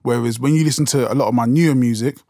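A man's voice: mid-range voice, very fast, dark tone, no room sound, studio quality. A young man with a London accent, talking casually as a podcast host, rambling with restarts and fillers. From England. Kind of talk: casual solo talk.

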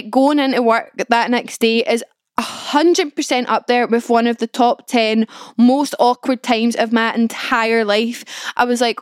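A woman's voice: on the high side, fairly even intonation, moderate pace, no room sound, studio quality. Chatty young woman podcaster. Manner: chatty, peppered with "like", self-mocking. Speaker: podcast host. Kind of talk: casual storytelling monologue.

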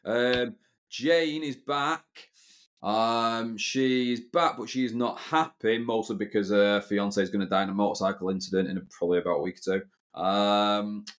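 Sardonic, grumbling podcast co-host. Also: male voice, fairly low pitch, normal speed, a bit bright. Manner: grumbling, sardonic, hesitant with fillers. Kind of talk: casual chat recapping a TV soap.

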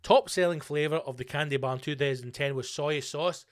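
A man's voice: a little high, fairly quick. A Scottish man hosting a solo podcast, ranting casually with plenty of swearing. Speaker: podcast host.

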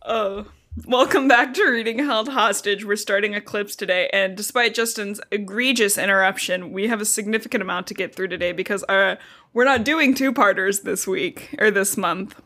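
A woman's voice: mid-range voice, normal speed, pushed and bright. A woman co-hosting a casual podcast with her husband, teasing and scolding him in an exasperated way. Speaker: podcast co-host. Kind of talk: casual chat.

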